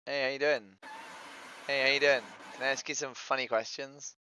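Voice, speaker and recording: At a moderate pace and level tone, a medium-pitched man speaks brightly and forcefully, with a little hiss or hum in the dry lo-fi stream audio. As a vegan activist on stream, he persistently repeats his opener and asks probing, street-outreach-style questions over voice chat.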